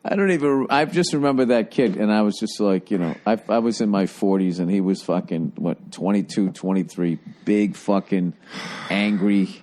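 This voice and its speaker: A man's voice: on the low side, moderate pace. Profane, blunt man telling stories. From Boston. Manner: blunt, profane storytelling with animated quoted voices. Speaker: podcast host. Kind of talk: casual chat.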